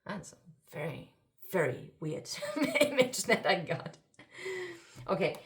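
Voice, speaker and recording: A woman doing an intuitive card reading for her viewers, excitable and exclaiming, swinging between murmured asides and loud outbursts. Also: on the low side. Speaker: spiritual card reader.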